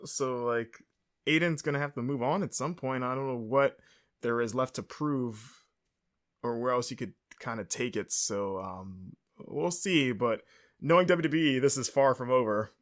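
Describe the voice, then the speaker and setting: A man's voice: medium pitch, a little slow. A man hosting a podcast, casually recapping a show on his own, rambling with lots of fillers and mid-sentence corrections. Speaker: podcast host.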